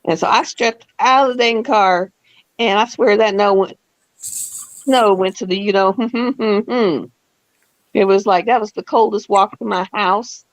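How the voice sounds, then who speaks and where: A woman's voice: medium pitch, unhurried, no room sound. A woman in her fifties hosting a live stream, telling stories in a chatty way with laughs and acted-out quotes. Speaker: host. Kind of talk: casual storytelling chat.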